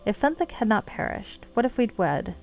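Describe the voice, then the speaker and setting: A woman's voice: medium pitch, very animated, moderate pace, vocal fry, darkish tone, faint music behind. A woman reading the lines of a noble, sorrowful fallen paladin in formal, solemn courtly speech.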